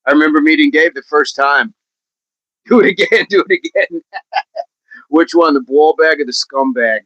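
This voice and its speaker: A middle-aged man hosts a livestream, chatting casually, reading viewers' comments, laughing often and playfully repeating phrases. His voice is a little high and a bit bright at a moderate pace, with no room sound and dull audio.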